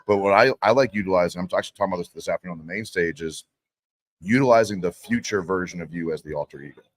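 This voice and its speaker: Brief: deep-voiced male keynote speaker, rapid-fire, blunt motivational delivery. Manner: intense, blunt motivational talk. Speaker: guest speaker and consultant. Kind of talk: motivational podcast chat. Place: convention expo floor.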